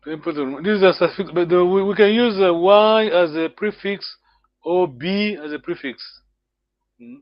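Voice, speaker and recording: A man teaching a language lesson over a video call, patiently repeating words slowly and chuckling often. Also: sits high, dry recording, lo-fi sound. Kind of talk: live online language lesson.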